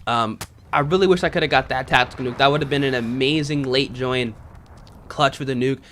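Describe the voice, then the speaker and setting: A man's voice: medium pitch, a little fast, fairly bright tone. A man giving casual, self-critical commentary over his own gameplay, often saying "man" and "you know.". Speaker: gaming video creator.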